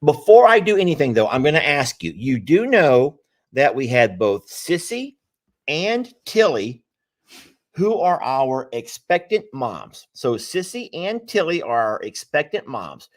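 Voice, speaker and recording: A man's voice: fairly high pitch, very animated, unhurried. A man hosting a casual live stream, teasing and laughing often. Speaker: livestream host.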